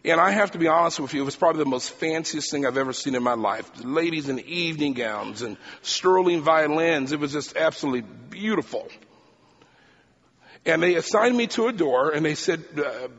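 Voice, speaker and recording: A male preacher telling a personal story in a sermon, talking fast and animated. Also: fairly high pitch, slightly rough, big-room sound, muffled recording.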